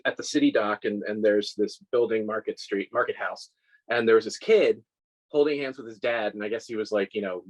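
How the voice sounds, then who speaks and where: A man's voice: on the low side, rough recording. A man in his forties, a scale model maker, telling stories in a casual interview with lots of restarts and self-deprecating laughs. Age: 40s.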